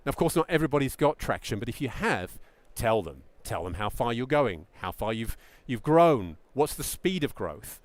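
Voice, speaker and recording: A middle-aged man giving a presentation to founders as a pitch coach, emphatic and lively, sometimes acting out what a founder might say. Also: normal speed, hardly any pauses, no room sound. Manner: animated, emphatic, acts out mock founder quotes.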